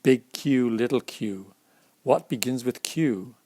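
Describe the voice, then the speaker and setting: At storytime, a man with a mid-range, mellow voice slowly reads a children's alphabet picture book aloud, pausing to explain the pictures to young listeners. There is no echo.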